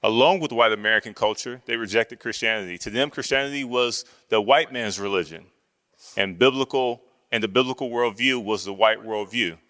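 A male interviewer asks direct questions and briefly sums up what his guest has said. His voice is bright and slightly low. A long hall reverb trails each phrase. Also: brisk.

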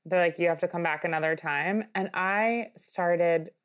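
Joking woman podcast co-host. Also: fairly low pitch. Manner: animated, laughs often, quick to joke; swears freely. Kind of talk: casual chat.

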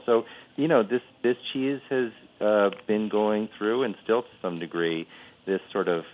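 Deep gravelly man on a phone line. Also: measured pace. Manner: thoughtful and rambling, lots of "you know". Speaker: cheesemaker guest. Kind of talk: casual interview.

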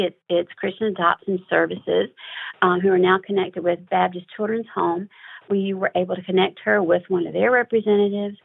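Earnest, emotional woman guest; gravelly, heard over a tinny phone line. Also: medium pitch. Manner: earnest, emotional, halting with fillers. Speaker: pregnancy center director. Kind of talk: recounting a story in an interview.

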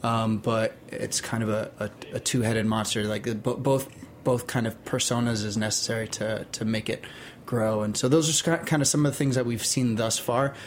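Flat-voiced man, halting speech. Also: fairly low pitch, slight background noise. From Florida. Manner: halting, repeats words. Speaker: filmmaker guest. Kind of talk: casual radio chat.

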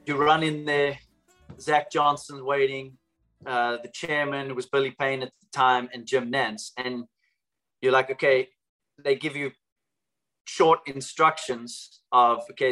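A man's voice: mid-range voice, little pitch movement, measured pace, a bit bright, soft background music, rough recording. A man, a golf champion guest, telling a story in a chatty way with fillers. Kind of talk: casual storytelling.

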